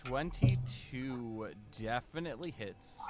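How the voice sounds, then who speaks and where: A man running a tabletop game as game master, narrating events and giving calm rulings. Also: medium pitch, takes it slowly, music in the background.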